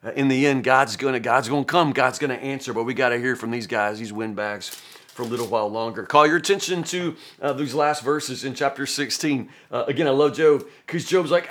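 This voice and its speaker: A man's voice: on the high side, brisk, a bit bright. A man in his fifties, a pastor, teaching a Bible passage in an earnest, folksy, conversational way and often restarting his sentences.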